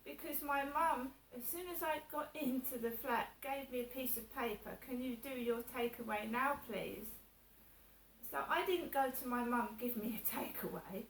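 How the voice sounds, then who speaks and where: A woman's voice: sits high, normal speed, few pauses, a little hiss or hum. Chatty woman vlogging in an echoey room. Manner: chatty, repeats herself, acts out others' words. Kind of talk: casual personal vlog. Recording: echoey room, voice a little distant, faint background ambience.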